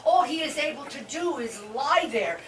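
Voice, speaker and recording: A woman's voice: high-pitched, moderate pace, slight background noise. A woman playing a flustered, giggly older woman in love, often laughing between her words. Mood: pleading. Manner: giggly, breathy excitement. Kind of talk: stage play acting. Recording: roomy stage sound from far off.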